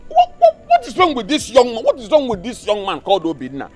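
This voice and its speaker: A man with a Nigerian accent playing an excitable, preachy friend in a Nollywood film, loud and emotional, repeating words when worked up. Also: extremely high pitch, fast talker, soft background music, full character voice. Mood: indignant.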